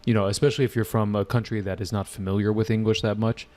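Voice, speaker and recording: A man's voice: lowish voice, little pitch movement, quick pace, darkish tone. A man teaching a live online exam-prep lesson with energy, repeating points and quizzing his students. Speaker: English test-prep teacher.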